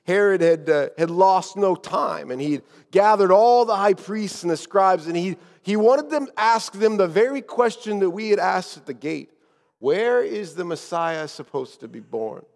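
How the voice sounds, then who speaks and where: A preacher with a high voice tells a sermon as a first-person story, shifting from lively telling to hushed tones. His voice carries a long echo from a large hall. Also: moderate pace, few pauses. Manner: dramatic, dropping to hushed tones.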